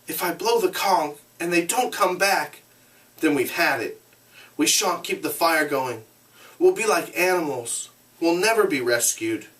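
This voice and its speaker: A man's voice: on the high side, animated, a little slow, fairly bright tone, far from the mic, pitched above the performer's own voice. A man reading aloud, voicing an earnest boy leader who worries and tries to keep order. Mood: earnest, urgent. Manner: earnest and urgent.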